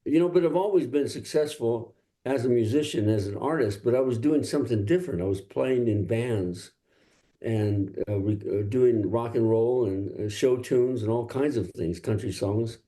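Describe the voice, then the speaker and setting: An older male singer-songwriter from Los Angeles, telling stories in a relaxed interview and laughing often. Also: medium pitch, normal speed. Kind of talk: casual interview talk.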